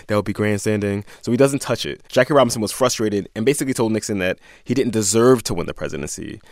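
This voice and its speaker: A man's voice: lowish voice, fast talker, no echo, studio quality. A man co-hosting a podcast, telling a history story in a casual, jokey way and laughing often. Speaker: podcast co-host.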